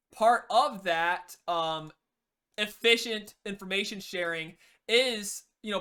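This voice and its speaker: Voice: medium pitch, a bit bright, clear, resonant tone. A coach talking through team play in a loose, unscripted way. Sentences often restart, and "you know" fills the gaps. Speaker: game coach. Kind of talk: casual spoken lesson.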